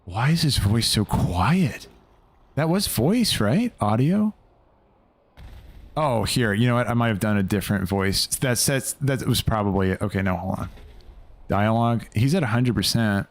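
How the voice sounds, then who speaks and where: A young man hosting a live gaming stream, his voice sitting low as he rambles through loose, casual commentary. He swears offhandedly and keeps talking while he plays. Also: lively intonation, moderate pace.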